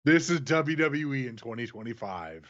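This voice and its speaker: A man's voice: medium pitch, animated, moderate pace, a bit bright, dry recording, lo-fi sound. A man co-hosting a wrestling podcast, blunt and dry, mostly giving brief agreeing replies. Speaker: podcast co-host. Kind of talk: casual commentary.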